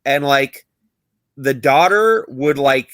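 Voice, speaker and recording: Bright-voiced man in casual chat. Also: mid-range voice, lively intonation, slow, no echo. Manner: loose, chatty retelling with fillers. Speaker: podcast co-host.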